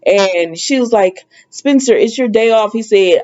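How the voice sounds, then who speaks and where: A woman chatting through a casual TV show recap, animated and laughing between sentences. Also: mid-range voice, measured pace, few pauses, dull audio. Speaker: TV show reviewer.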